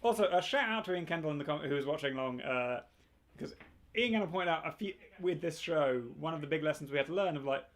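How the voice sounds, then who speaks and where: A man's voice: on the high side, quick pace. A man co-hosting a live rewatch of his old magic show, chatty and self-mocking as he banters with viewers. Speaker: magician co-host. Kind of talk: casual live-stream commentary.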